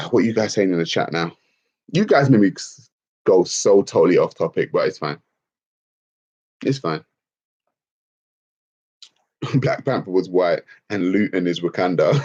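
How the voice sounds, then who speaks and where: A man's voice: lowish voice, muffled recording. A man hosting a livestream Q&A, ranting emphatically and swearing freely as he answers the chat. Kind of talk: livestream Q&A rant.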